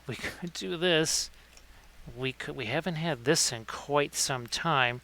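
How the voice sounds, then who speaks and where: A man streams a casual miniature painting tutorial, chatting with viewers by name between tips. His voice is a little high and sharp, and he takes things slowly.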